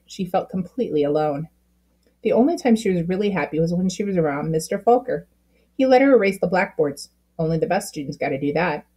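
A woman reading a children's book aloud with expressive storytelling, slowing down at key moments. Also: fairly low pitch, slightly rough. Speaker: storybook reader.

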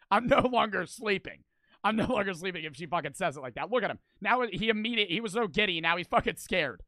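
A young man streaming his reactions to a video, joking loudly and swearing, breaking into laughs and shouts. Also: high-pitched, animated, normal speed, no echo. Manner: loud, profane, joking, bursts into shouts and laughs. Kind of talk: casual reaction commentary.

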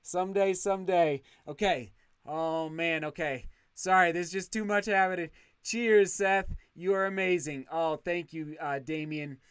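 A man's voice: high-pitched, a little slow, smooth, no room sound, clean studio sound. A man hosting a casual livestream, reading viewer comments aloud and thanking them effusively, often restarting his sentences. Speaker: channel host reading live chat.

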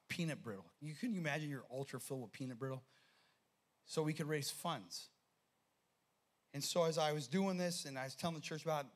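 A man preaching a sermon as pastor, telling a story with animated energy and frequent repeated words. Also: a little high. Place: church sanctuary.

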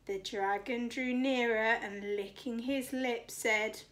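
A woman's voice: a little high, steady tone, slow, fairly bright tone. A woman teacher reading a rhyming picture book aloud to children, with a sing-song rhythm. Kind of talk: expressive storybook read-aloud.

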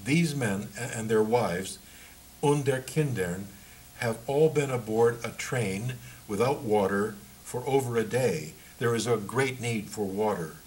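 A man reading as a polite, halting emigrant. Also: fairly low pitch, darkish tone, lightly acted, low-quality recording. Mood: hesitant, deferential. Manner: hesitant, overly polite, groping for words. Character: German Polish emigrant, deferential, halting.

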